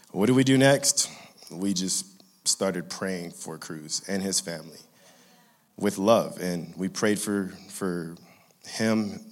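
A man in his thirties from California, his voice sitting a bit low as he tells a personal faith story. He speaks in an earnest, conversational way and laughs now and then at his own jokes. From Inglewood, California. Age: 30s. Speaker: father sharing a faith testimony.

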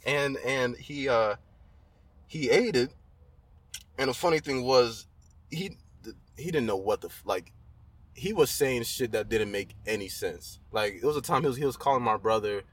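A man's voice: mid-range voice, animated, normal speed, fairly bright tone, no echo. A man co-hosting a podcast, telling a story in loose, slangy casual chat with lots of restarts. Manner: loose slangy talk, many restarts and backchannels. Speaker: podcast co-host.

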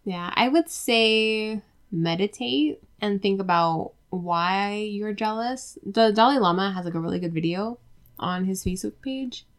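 A young adult woman co-hosting a podcast in casual chat, relaxed and musing, often trailing off softly. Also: mid-range voice, unhurried. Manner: relaxed, musing, trails off quietly, frequent mm-hmms. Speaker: podcast co-host.

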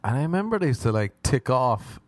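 Male comic, animated delivery with acted-out voices, dry mic. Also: mid-range voice, fairly quick, no room sound. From Ireland. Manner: animated, acts out voices, laughs at own jokes. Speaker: stand-up comedian. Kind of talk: stand-up comedy routine.

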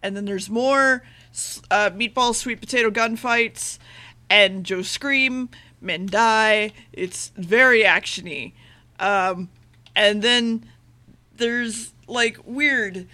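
Woman, podcast co-host, bright voice, fast rambling recap, swears a lot. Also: fairly high pitch. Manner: rambling, profane recap with loose paraphrased dialogue; rushes her words. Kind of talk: casual chat.

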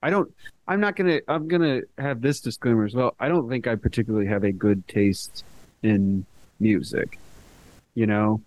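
A man's voice: lowish voice, moderate pace, a little mellow. A young adult man co-hosting a podcast, rambling and hedging in casual chat with lots of fillers. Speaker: podcast co-host.

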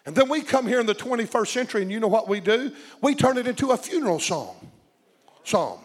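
A man's voice: extremely high pitch, very animated, fairly quick. A man preaching a sermon with passion, calling out to his congregation and drawing responses from them. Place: church sanctuary. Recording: long reverb of a large hall.

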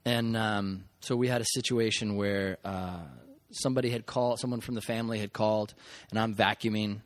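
A man's voice: lowish voice, fairly even intonation, a little fast. A man, a pastor, speaks to his congregation in a conversational, candid way, with a few stumbles. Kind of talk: addressing a congregation.

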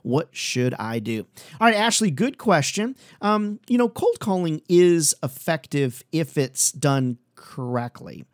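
A man hosting a sales training podcast, talking in an energetic, upbeat and conversational way. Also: on the high side, measured pace, dry recording, studio quality. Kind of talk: solo podcast talk.

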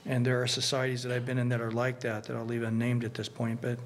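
A man preaching a conversational sermon as pastor, earnest and animated, often restarting his sentences. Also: mid-range voice, quick pace, few pauses. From United States.

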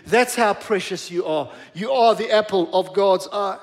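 Speaking from the pulpit, a middle-aged pastor with a high voice drives his sermon home emphatically. He slows on the important phrases and repeats words to stress them.

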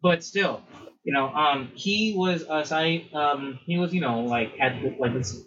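A man's voice: fairly high pitch, unhurried, a bit bright, a little hiss or hum. A man co-hosting a podcast in casual chat, telling stories in a rambling way full of fillers. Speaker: podcast co-host. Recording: dull lo-fi recording.

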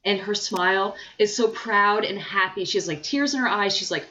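A woman chatting casually about a film, retelling scenes in an animated way with fillers. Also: medium pitch, normal speed, hardly any pauses. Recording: dull lo-fi sound.

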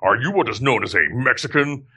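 A man voicing a gruff, formal male alien warrior, speaking slowly and stiffly. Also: medium pitch, lively intonation, sharp tone. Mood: stern formal. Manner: stiff, formal, deliberate delivery.

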